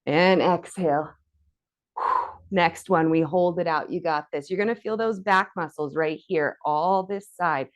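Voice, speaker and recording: A woman's voice: lowish voice, a little slow. A woman leading a guided floor workout, counting reps aloud and encouraging, a little out of breath from exercising along. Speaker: fitness instructor.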